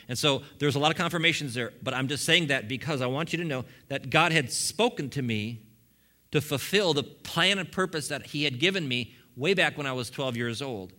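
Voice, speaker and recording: A middle-aged male pastor preaching with a bright, forceful tone. He tells his testimony in an animated way, slipping in humorous asides. His voice sits at an ordinary pitch for a man. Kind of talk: sermon testimony.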